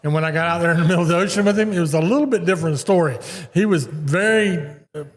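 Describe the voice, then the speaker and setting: A man's voice: a little high, fast. A man hosting a live fishing show, a former captain telling stories in casual chat. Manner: conversational, storytelling. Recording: long reverb of a large live venue.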